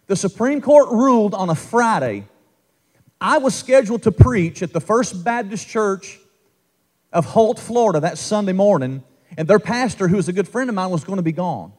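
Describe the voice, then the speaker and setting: A man's voice: high voice, animated, normal speed. A man preaching a revival sermon, impassioned and calling out to the congregation. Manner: impassioned, call-and-response preaching with rising shouts.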